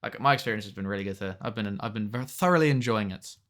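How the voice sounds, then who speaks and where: A man's voice: on the low side, rapid-fire, fairly bright tone. A young man chatting casually with viewers while streaming a game, swearing now and then at the game. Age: young adult. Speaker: streamer reading chat.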